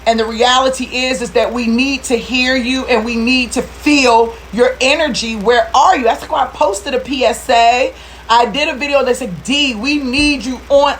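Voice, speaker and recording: A woman's voice: high-pitched, a little hiss or hum. A middle-aged woman coaching recruitment business owners in a live video, rallying and preachy, getting emotional and near tears. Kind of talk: motivational live video talk.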